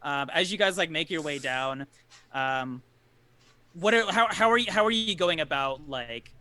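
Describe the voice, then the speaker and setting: A man's voice: fairly high pitch, animated, normal speed, bright, forceful tone. A man narrating a tabletop game as game master, rambling with lots of filler words.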